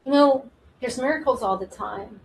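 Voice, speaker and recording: A woman hosting a talk show, affirming her guest with gentle interjections in casual interview chat. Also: fairly high pitch, moderate pace, creaky, a little hiss or hum.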